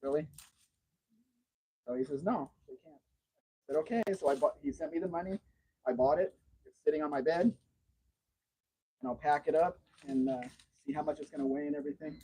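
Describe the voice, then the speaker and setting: A man's voice: on the high side, lively intonation, moderate pace, creaky, pauses often, warm tone, slightly rough, low-quality recording. A man hosting a casual livestream from home, telling long rambling stories in a chatty way. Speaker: livestream host.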